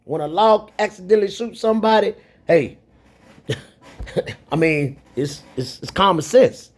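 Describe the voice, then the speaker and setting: A man's voice: high voice, expressive, unhurried. A man giving ranting commentary, rambling and repeating himself, heated and profane.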